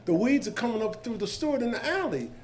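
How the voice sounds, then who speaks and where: A man, speaking on a discussion panel in an animated, colloquial storytelling way that jumps into the voices of the people in his stories. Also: very high-pitched, fast, a little hiss or hum. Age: 70s.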